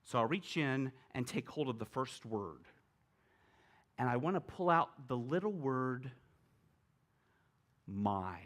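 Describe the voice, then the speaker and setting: A man's voice: mid-range voice, very animated, slow, long pauses, fairly bright tone. A middle-aged male pastor preaching a sermon in a conversational way, asking the congregation rhetorical questions and dropping light humorous asides. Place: church service with congregation.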